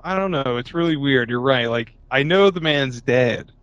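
A man's voice: mid-range voice, expressive, normal speed, fairly bright tone, no echo, muffled recording. A man in casual comedic chat about a film, joking and riffing with friends. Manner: jokey, acts out quotes in silly voices. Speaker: podcast co-host.

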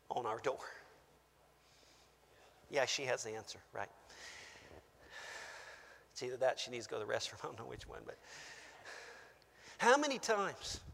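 A man preaching a sermon to his congregation, emphatic, rising to shouts and dropping to hushed asides, calling out to the room. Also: mid-range voice, vocal fry. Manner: calls out to the congregation. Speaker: pastor. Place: church. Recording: long church-hall reverb.

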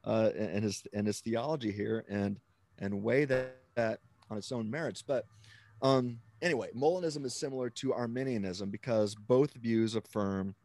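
A man's voice: lowish voice, normal speed, darkish tone, no room sound. Dry-sounding male apologist explaining theology. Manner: explanatory, checks in with frequent "right?", steps through ideas with restarts. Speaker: Christian author and apologist, interview guest. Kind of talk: conversational interview, explaining theology.

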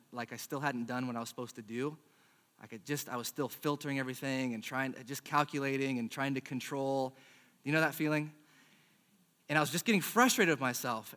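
Chatty pastor telling a funny story. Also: male voice, a little high. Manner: self-deprecating storyteller, chatty and animated. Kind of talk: sermon with a personal story.

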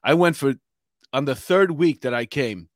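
A man's voice: medium pitch, animated, moderate pace, dry recording, clean studio sound. A middle-aged man with a New York accent, hosting a casual chat show and rambling with many fillers. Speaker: podcast host.

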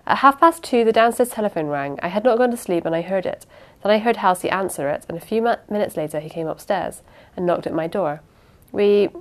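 A woman's voice: mid-range voice, close to an everyday voice. A woman reading the part of a young woman who speaks evenly but halts and restarts under strain. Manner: even, halting with small restarts.

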